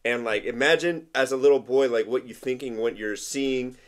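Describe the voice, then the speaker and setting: A man's voice: mid-range voice, moderate pace. A man co-hosting a podcast in casual chat, eager and reactive, using slang and swearing. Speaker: podcast co-host.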